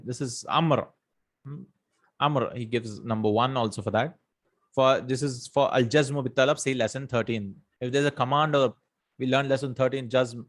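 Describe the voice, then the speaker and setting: Male grammar teacher, mid-pitched, recites verses then explains in English, frequent "right?" and "hmm?" checks. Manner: many fillers and self-corrections. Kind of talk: explanatory lesson.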